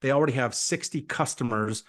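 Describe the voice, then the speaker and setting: A man giving an energetic, motivational sales talk on a team call. He often repeats himself and acts out quoted conversations. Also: medium pitch, brisk. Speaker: guest speaker on a team call. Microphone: call audio.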